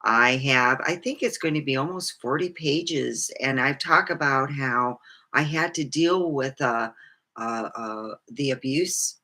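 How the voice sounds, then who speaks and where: A woman's voice: rumbling low, a little slow, bright, forceful tone. A middle-aged woman vlogging candidly about her life, rambling and swearing freely. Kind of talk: personal storytelling monologue.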